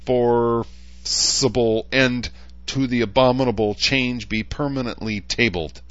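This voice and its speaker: A man voicing a sardonic council elder who speaks dryly and deliberately. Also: medium pitch, steady tone, no echo, dull audio, pitched above the performer's own voice, natural voice. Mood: wry. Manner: dry and deliberate.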